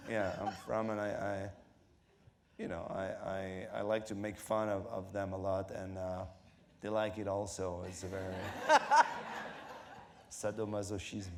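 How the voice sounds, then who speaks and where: Comedian guest, French-accented man, middle-aged, laughing, halting, slips into comic voices, faint background hiss. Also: low voice, little pitch movement. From Morocco. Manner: laughing often, acting out quoted voices, halting with fillers. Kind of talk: live on-stage interview.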